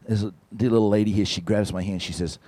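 A man giving a sermon testimony, telling a story with lively, animated delivery and speaking directly to the congregation. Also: on the low side, quick pace, no echo. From from outside the United States. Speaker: visiting church musician and speaker.

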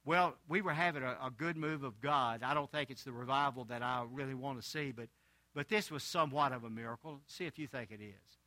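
A man's voice: medium pitch, brisk, pushed and bright, no room sound. An older man preaching, a pastor telling a homespun story in a sermon, with chuckling asides.

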